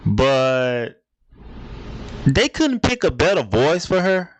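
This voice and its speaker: A man's voice: on the high side, very animated, takes it slowly, no echo. A man hosting a casual reaction video, talking in a rambling, repetitive, laid-back way.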